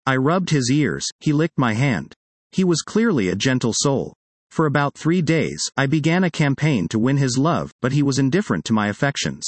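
A man's voice: mid-range voice, very animated, moderate pace, no room sound. A man reading his personal essay aloud in a wry, conversational way, close to the mic.

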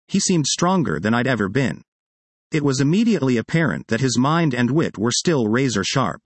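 Guy reading his own written tribute, bouncy lively pitch, deadpan on the jokes, dry sound. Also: no echo. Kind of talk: scripted first-person narration.

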